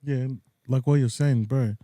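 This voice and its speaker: A man's voice: mid-range voice, fairly even intonation, measured pace, warm tone, no room sound, clean studio sound. A man chatting casually with friends on a podcast, slangy and reflective, often chiming in to agree. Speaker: podcast co-host. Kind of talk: casual chat among friends.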